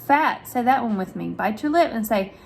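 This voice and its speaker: A woman's voice: expressive, gravelly, darkish tone, slight background noise. A woman speech therapist reading a picture book aloud to young children, asking questions and over-articulating sounds in a sing-song manner. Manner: slow, sing-song, with big exaggerated pitch jumps for praise; overarticulates sounds for young listeners.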